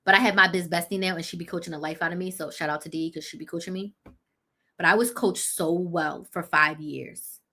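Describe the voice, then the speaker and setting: Hosting a live chat, a business coach in her thirties speaks fairly quickly in a lowish, bright, forceful voice with fairly even intonation. She relates her story bluntly and energetically, pausing to correct herself on dates and details.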